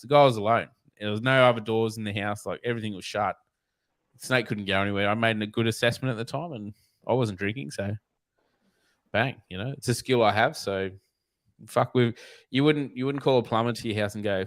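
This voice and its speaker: A man's voice: fairly low pitch, brisk, fairly bright tone, dry recording. An Australian man, a snake catcher guest, telling blunt, profane, rambling stories in a casual interview.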